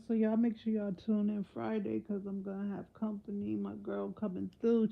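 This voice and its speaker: A woman hosting her own live stream, reacting to what she reads with loud, teasing, disbelieving commentary full of slang. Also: mid-range voice, gravelly, dull audio. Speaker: livestream host.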